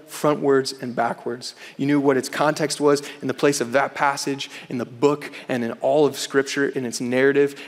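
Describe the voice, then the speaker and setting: A young man giving an earnest chapel sermon to students, often saying "man". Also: medium pitch. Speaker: campus chapel speaker. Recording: hall reverb.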